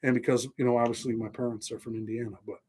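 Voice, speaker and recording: A man's voice: medium pitch, little pitch movement, fast, darkish tone, husky. A middle-aged man from New York with a Southern-tinged American accent, hosting a casual livestream and chatting loosely with viewers, thanking them by name. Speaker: host.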